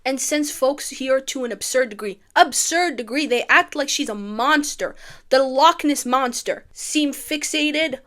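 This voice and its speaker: A woman giving a casual, chatty film commentary, gushing and swinging between excitement and wistfulness. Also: high-pitched, unhurried. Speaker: YouTuber reviewing a film musical.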